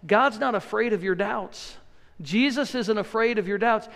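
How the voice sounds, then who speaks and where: A man with a high, gravelly voice preaches a sermon, speaking earnestly and conversationally and repeating key phrases to drive them home. He is recorded in a church, and his voice carries a long hall reverb. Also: moderate pace, fairly bright tone. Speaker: pastor. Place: church sanctuary.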